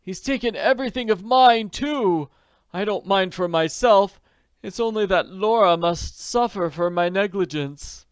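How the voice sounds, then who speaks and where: A man's voice: high voice, expressive, a little slow, smooth, no room sound, clean studio sound, voice pushed up. A man reading an audiobook, voicing an ailing, distressed middle-aged man in a pleading, overwrought manner. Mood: distraught. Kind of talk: audiobook character voice.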